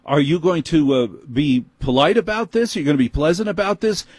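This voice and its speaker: A man's voice: fairly quick, a little mellow, husky, dry recording. A man putting on the voice of a prissy, condescending young male store manager who scolds a customer. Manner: whiny, scolding, high-pitched.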